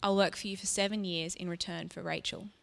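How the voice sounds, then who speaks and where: A woman's voice: fairly low pitch, fairly even intonation, fairly quick, creaky. A woman voicing an indignant young working man who feels he has been cheated, within a spoken story. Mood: earnest. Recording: long reverb.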